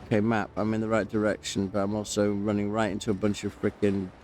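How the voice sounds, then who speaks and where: While playing a game, a man tells a long personal story, rambling with lots of fillers and breaking off to react to what happens on screen. His voice is on the low side and darkish, his delivery completely flat and fast. There's slight background noise.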